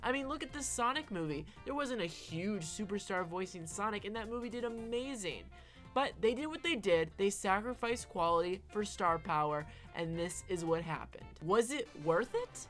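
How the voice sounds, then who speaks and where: A woman's voice: medium pitch, expressive, normal speed, a bit bright, faint music behind. Emphatic woman giving casual commentary. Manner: emphatic, often tags points with "all right?". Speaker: online film commentator.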